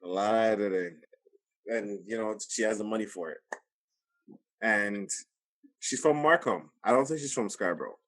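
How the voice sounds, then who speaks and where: A young man hosting a casual podcast chat, emphatic and animated, repeating himself for weight. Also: fairly low pitch, moderate pace, pauses often. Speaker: podcast host.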